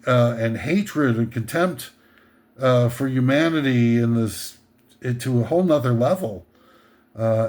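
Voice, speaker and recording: A man hosting a comedic countdown, ranting sarcastically in a rambling way with many hesitations and fillers. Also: medium pitch. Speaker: comedic list host.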